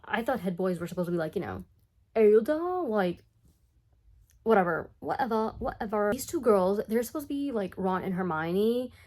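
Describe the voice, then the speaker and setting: A woman giving a casual comedic recap of a cartoon, chatty and sarcastic with animated asides. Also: medium pitch, brisk, hardly any pauses. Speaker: commentary YouTuber.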